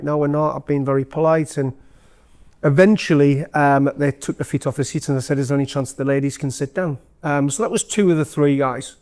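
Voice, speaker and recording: A man's voice: a little high, a little mellow. Chatty Geordie man telling stories. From North East England. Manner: chatty, self-deprecating storyteller with many fillers. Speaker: former CEO giving a guest talk. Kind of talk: live anecdotal talk to an audience. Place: event room with an audience.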